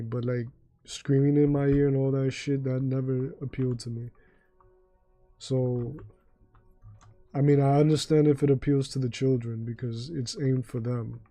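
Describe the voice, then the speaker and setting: A man's voice: mid-range voice, fairly even intonation, normal speed, dark tone, no room sound. A young man streaming a game live, chatting in a laid-back, rambling way with frequent swearing and restarts. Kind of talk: casual livestream chat.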